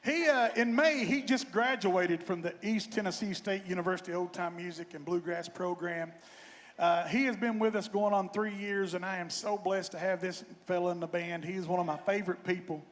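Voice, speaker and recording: A man speaks as a bandleader on a festival stage, folksy and joking. His voice sits fairly high. The stage microphone carries it into a long, ringing reverb. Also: steady tone, normal speed. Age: 50s. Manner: folksy, joking, warm-hearted. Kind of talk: stage banter and storytelling.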